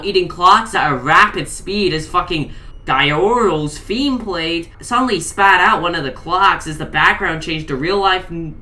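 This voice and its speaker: A woman's voice: lowish voice, pushed and bright. A woman narrating a comedic horror story, exasperated and swearing heavily. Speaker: creepypasta reader.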